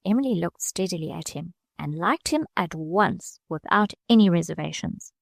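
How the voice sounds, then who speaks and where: Gravelly low-voiced woman narrating a novel. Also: expressive, no echo, clean studio sound. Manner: measured reading, small lifts of pitch for quoted characters. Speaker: audiobook narrator. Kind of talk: scripted narration of a classic novel.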